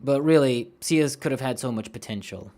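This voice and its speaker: A man's voice: medium pitch, a little fast, warm tone. A man in his late twenties with a youthful-sounding voice, streaming a game, chatting casually and ranting with frequent swearing. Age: late 20s. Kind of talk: casual gameplay chat, reading viewer messages.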